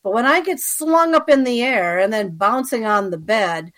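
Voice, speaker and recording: A woman's voice: fairly high pitch, animated, normal speed, fairly bright tone. A woman being interviewed who tells a personal story in a chatty way, with frequent asides and fillers, and checks in with the listener as she goes. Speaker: interview guest.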